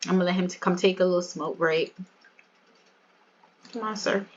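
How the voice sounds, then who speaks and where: A woman's voice: on the low side, fairly even intonation, moderate pace, highs cut off. A woman giving casual, chatty gameplay commentary, often laughing and talking straight to her viewers. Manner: chatty, giggly, addresses viewers. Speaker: game video creator.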